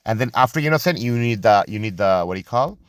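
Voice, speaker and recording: Halting, argumentative man talking off the cuff. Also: fairly low pitch, lively intonation, clear, resonant tone, no room sound, studio quality. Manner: halting, searches for words, many restarts and fillers; impassioned, argumentative. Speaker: commentator on religion and society. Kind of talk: unscripted rambling monologue.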